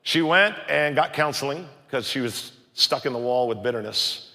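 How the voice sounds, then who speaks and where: A middle-aged man, a pastor, telling a story in a sermon and acting out the other voices with animated raised lines. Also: medium pitch, moderate pace. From United States. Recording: long hall reverb.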